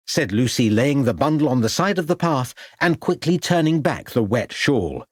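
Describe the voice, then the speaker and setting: A man narrating a crime audiobook in a measured storytelling style. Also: medium pitch, very animated, no echo, studio quality. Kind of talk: scripted narration.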